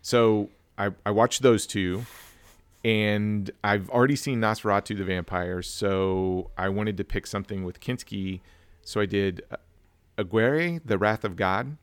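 A man's voice: on the low side, measured pace, clean tone, no echo. A man co-hosting a casual film review chat, telling stories and acting out family dialogue. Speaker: podcast co-host.

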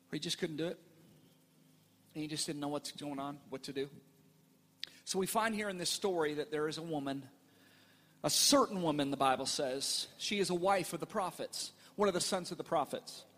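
A middle-aged male pastor telling a family story in a sermon, animated and playful, acting out the voices in his quotes. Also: on the high side, normal speed, pauses often, long reverb tail.

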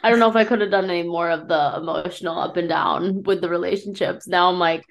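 A woman's voice: fairly low pitch, fairly even intonation, fast. A young woman co-hosting a podcast in candid, casual chat, talking freely with lots of "like" and frequent laughter. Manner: chatty, peppered with "like", often laughing. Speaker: podcast co-host.

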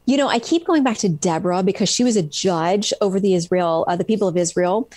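A woman's voice: mid-range voice, expressive, quick pace, darkish tone, dry recording. A woman author retelling stories from her book in a casual interview, with many ums and restarts. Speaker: author guest.

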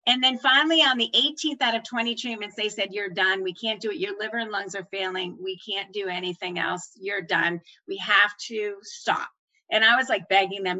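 A middle-aged woman telling her own story, acting out the voices of doctors and herself with animated swings of pitch. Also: normal speed, poor audio. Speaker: former nurse manager telling her story. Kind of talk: personal storytelling.

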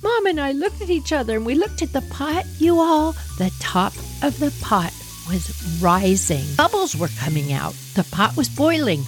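Woman podcaster telling a story, super expressive and giggly, faint music behind. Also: high-pitched, normal speed, few pauses. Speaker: podcast host. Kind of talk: personal storytelling.

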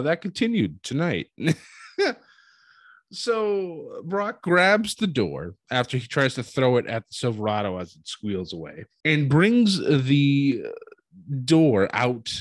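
A man hosting a casual recap of a wrestling show, telling it as an animated story, chuckling often and acting out what people said. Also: mid-range voice, no echo.

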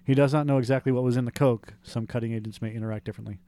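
A man's voice: mid-range voice, fairly even intonation, rapid-fire, mellow. A man co-hosting a comedic podcast, reading a listener's post aloud in a mock-formal way and laughing at crude jokes. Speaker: podcast co-host.

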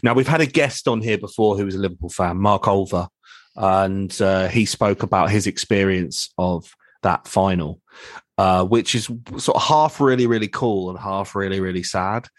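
A man hosting a podcast, asking relaxed, rambling questions and telling anecdotes. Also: low-pitched, normal speed, dry recording. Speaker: podcast host. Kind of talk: casual interview chat.

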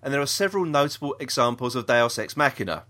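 A man's voice: mid-range voice, animated, fast talker, sharp tone. A man with a South East London accent co-hosting a podcast, chatting and reading out a listener's email with lots of ums. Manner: chatty, reads aloud with many ums and restarts. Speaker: podcast co-host.

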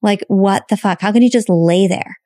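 A woman's voice: mid-range voice, moderate pace, mellow, no echo, clean studio sound. A woman co-hosting a podcast, telling a personal story openly and emotionally, swearing casually. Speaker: podcast co-host.

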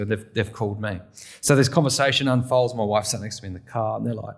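A man's voice: fairly low pitch, steady tone, quick pace, vocal fry. A man from England, a pastor, preaching a sermon with candid, self-deprecating storytelling.

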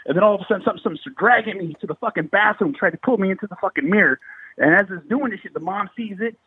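High-voiced man swearing through a phone line. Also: very fast, breathy edge, no echo. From Bay Area, California. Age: 30s. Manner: heavy swearing, slangy and animated. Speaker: guest telling a paranormal story. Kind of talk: casual storytelling.

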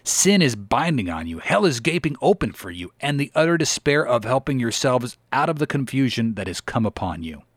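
A man's voice: mid-range voice, big pitch swings, dry recording, studio quality. Man reading an earnest old-style sermon. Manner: earnest, measured preaching cadence with pleading exclamations. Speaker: reader of historical sermons.

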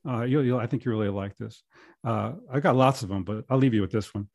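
A man's voice: mid-range voice, quick pace, vocal fry, a little mellow, no echo, studio quality. A middle-aged man, a podcast guest, telling rambling anecdotes casually with many restarts. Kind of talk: casual storytelling.

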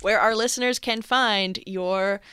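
A woman's voice: mid-range voice, fairly even intonation, measured pace, fairly bright tone, smooth, dry recording, studio quality. A woman co-hosting a podcast, upbeat as she wraps up and reads credits. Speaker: podcast co-host. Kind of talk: casual podcast chat and outro.

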